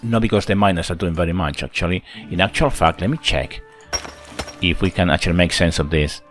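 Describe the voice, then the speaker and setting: Deep-voiced man chatting over game play. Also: lively intonation, a little fast, a bit bright, faint music behind. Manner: chatty, thinks aloud, counts workers under his breath. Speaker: gameplay channel host. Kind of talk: casual let's-play commentary.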